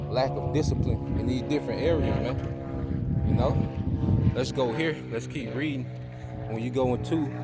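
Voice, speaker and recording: A man teaching scripture in a loose, conversational preaching style, stopping often to check in with "okay?" and "man." His voice sits at a middle pitch. Loud background noise runs under everything. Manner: casual preaching, tags lines with "man" and "okay". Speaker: teacher of a Bible study group. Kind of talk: informal sermon teaching.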